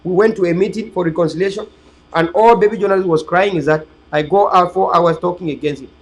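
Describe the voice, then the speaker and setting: A man's voice: high-pitched, steady tone, fast, low-quality recording. A man, hosting an online political channel in a rambling, preachy, emphatic livestream monologue to his viewers.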